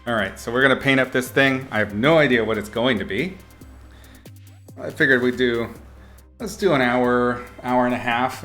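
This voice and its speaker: This man's voice is medium-pitched with a sharp edge. He streams art lessons, critiquing work casually and cheerfully while throwing in mock-harsh jokes.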